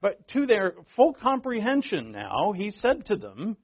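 A man's voice: sits high, wildly swooping pitch, a little slow. A man preaching a sermon as pastor, talking in a conversational way and joking with the congregation. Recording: dull lo-fi recording.

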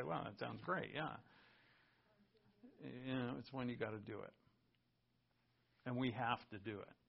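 A man preaching a sermon in a lively, conversational way, with asides and laughter between points. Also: mid-range voice, creaky, lo-fi sound. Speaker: pastor.

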